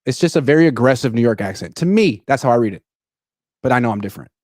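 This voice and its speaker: A man's voice: medium pitch, animated, fast talker, darkish tone, no echo, studio quality. A man from California co-hosting a casual sports talk livestream, blunt and wry with firm opinions. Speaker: sports podcast co-host.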